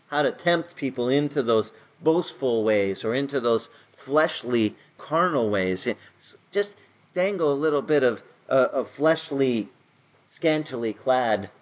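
A middle-aged man preaching in a conversational sermon style, his voice climbing higher when he stresses a point. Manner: conversational preaching, rises in pitch for emphasis. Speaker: pastor.

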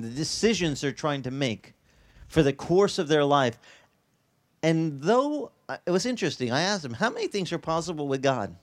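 A man preaching a sermon as a pastor, telling stories in an animated way with his voice leaping up in the lively parts. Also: no echo. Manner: animated storytelling, voice leaping high in excited passages.

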